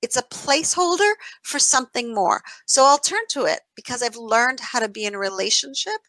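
A woman guest in an interview, explaining in an animated way and checking in with "right?" as she talks. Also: fairly high pitch, fairly quick, no echo, low-quality recording. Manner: animated, acts out inner voices, says "right?" often.

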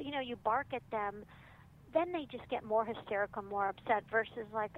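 Speaking at a moderate pace in a fairly high voice, a woman who writes about parenting chats casually in an interview. She's animated, voicing quoted parents and children, over a phone line with a bit of noise.

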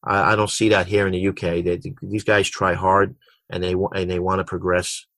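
A man's voice: deep voice, flat delivery, a little fast, a bit bright, no room sound. A middle-aged man, a basketball coach, answering interview questions with frequent restarts and repeated words. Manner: repeats words and restarts often, tells anecdotes.

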